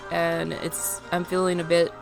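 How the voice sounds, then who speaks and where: A woman vlogging unscripted while grieving, near tears, pleading and halting with restarts. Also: lowish voice, completely flat delivery, vocal fry, music in the background. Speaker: streamer and vlogger. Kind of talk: unscripted emotional vlog.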